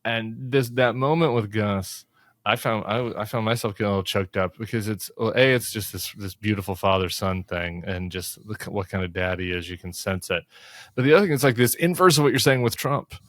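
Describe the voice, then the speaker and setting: Podcast host, man in his 40s, low-ish dry voice, chatty and upbeat, full of "like". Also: a little fast, no echo. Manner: chatty, upbeat, uses lots of "like", jumps pitch when animated. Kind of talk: casual political chat.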